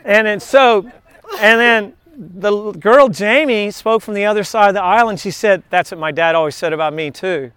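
High-voiced pastor telling a story. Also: male voice, moderate pace, fairly bright tone, smooth, no room sound. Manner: chatty, anecdotal, with frequent asides to the congregation. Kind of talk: casual storytelling sermon. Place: outdoor beach church.

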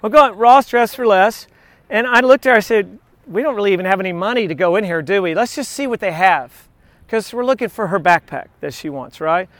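A man's voice: sits high, brisk, a bit bright, no echo. A male pastor giving a casual, anecdotal sermon at an outdoor beach church, chatting with frequent asides to the congregation.

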